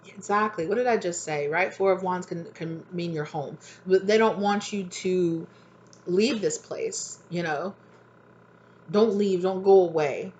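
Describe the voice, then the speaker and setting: A woman with a fairly low voice talks through a tarot reading in a loose, conversational way. She keeps looping back with quick check-ins such as "right?" and "exactly". A faint hiss sits behind her voice. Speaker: tarot reader. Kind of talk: casual spoken tarot reading.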